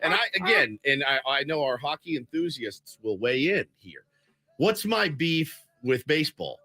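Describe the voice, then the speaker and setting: A man co-hosting a sports radio show, animated and joking, often laughing. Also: mid-range voice, dry recording. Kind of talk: casual sports talk banter.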